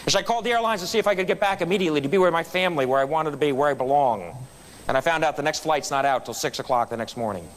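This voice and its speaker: A middle-aged man, a guest speaker at a club meeting in a meeting room, gives a storytelling speech while animatedly acting out the people in it. His voice is a little high and racing, and the recording carries a little hiss or hum.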